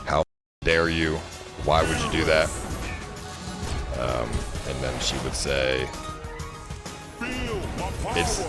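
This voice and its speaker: A man with a very deep, low voice rambles through a story to his stream, exasperated and stopping to restart his sentences. Loud music plays clearly behind him. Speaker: livestreamer. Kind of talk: casual storytelling to chat.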